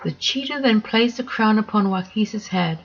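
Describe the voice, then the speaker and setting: A woman reading a children's story aloud in a gentle, measured way. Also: mid-range voice, lively intonation, dull audio, slight background noise.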